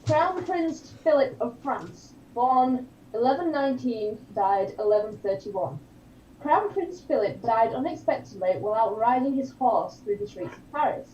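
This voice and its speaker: A woman's voice: a little high, lively intonation, normal speed, mellow, dull audio, slight background noise. A woman co-hosting a livestream, chatting casually and giggling often. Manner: giggly, friendly. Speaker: co-host. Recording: echoey room, far from the mic.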